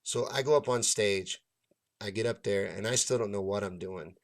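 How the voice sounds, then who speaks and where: Profane, animated man telling a story. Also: lowish voice, normal speed. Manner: profane, animated, acts out others' lines. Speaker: stand-up comedian and show host. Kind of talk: casual storytelling rant.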